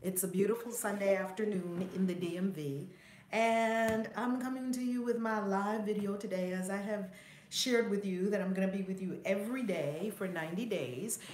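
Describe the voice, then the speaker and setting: A woman reverend hosting a live stream, warmly greeting chat viewers one by one in an effusive, upbeat way. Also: medium pitch, fairly even intonation, moderate pace. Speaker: reverend and spiritual teacher. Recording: roomy echo, faint background noise.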